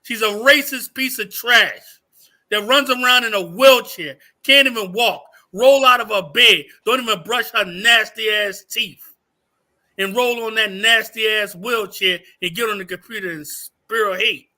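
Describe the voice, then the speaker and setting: Bright-voiced angry man ranting on stream. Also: sits high, a little slow. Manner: profane, heated, repeats phrases. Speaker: livestream host. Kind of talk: angry livestream rant.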